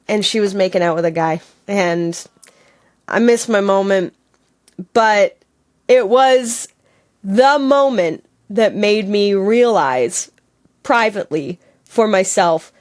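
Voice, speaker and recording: A woman from Canada telling a personal story in an interview, animated and laughing, acting out her own quotes. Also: medium pitch. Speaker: storyteller guest. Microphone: on camera, video call.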